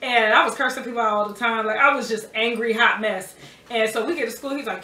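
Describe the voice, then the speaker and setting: A young woman, a rapper, telling stories in a casual interview, animated and often laughing. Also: a little high, fast talker, distant mic. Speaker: rapper guest. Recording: roomy echo, off-mic, faint background noise.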